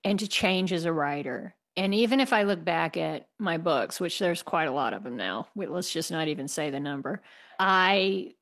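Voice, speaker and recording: Gravelly, emphatic American woman author. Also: lowish voice, animated, moderate pace, fairly bright tone. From United States. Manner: passionate, emphatic, laughs wryly. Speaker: author guest. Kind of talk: candid conversational interview answers.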